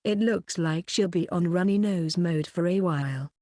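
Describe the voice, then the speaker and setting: A woman reading a web novel aloud as an audiobook narrator, keeping one even voice throughout. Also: fairly low pitch, moderate pace, dry recording, studio quality.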